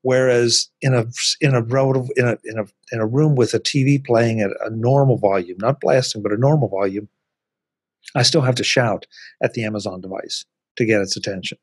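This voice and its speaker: A man hosting a podcast chats casually about tech, often repeating words as he starts a thought. His mid-range voice is a little fast and slightly rough, in clean studio sound with no echo.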